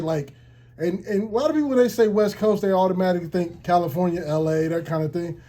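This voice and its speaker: Man, radio interviewer, high pitch, warm mellow tone, slangy, swears, animated. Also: a little fast.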